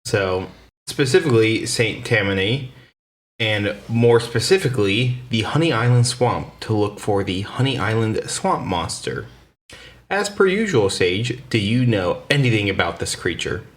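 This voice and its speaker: An easygoing man hosts a casual podcast chat and rambles through his notes with stumbles and restarts. His voice is a little low. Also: sing-song, measured pace. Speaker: podcast host.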